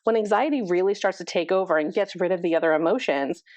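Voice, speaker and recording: Therapist lady chatting on a podcast, lowish voice, dry dull sound. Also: quick pace, a little mellow, dry recording. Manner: thoughtful, explaining with many likes and you knows. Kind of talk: conversational podcast interview.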